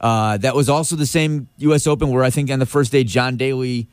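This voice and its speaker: A male radio host in easy, chatty conversation, tripping over his own restarts as he tosses out asides. His pitch is average for a man, and the sound is dry and close on a studio mic. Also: fairly even intonation, brisk, clear, resonant tone, no room sound. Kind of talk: casual radio chat.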